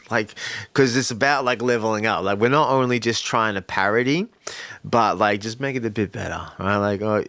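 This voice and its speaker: A man's voice: on the low side, a bit bright, no room sound. A man hosting a casual livestream who brainstorms rap lyrics aloud, muttering and repeating lines as he works them out. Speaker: livestream host and rapper.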